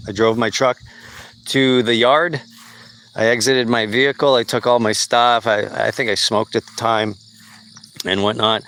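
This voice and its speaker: A man hosting a podcast tells a personal story in a blunt, profane, casual way. His voice sits at a middle pitch, with faint crickets chirping behind him. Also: a bit bright, slight background noise. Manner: blunt and profane, with frequent swearing and fillers. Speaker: podcast host.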